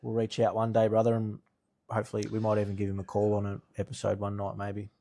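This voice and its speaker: A man with an Australian accent, a podcast co-host chatting in a relaxed, easygoing way. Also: lowish voice, fast talker. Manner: relaxed, easygoing, brief replies. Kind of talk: casual chat.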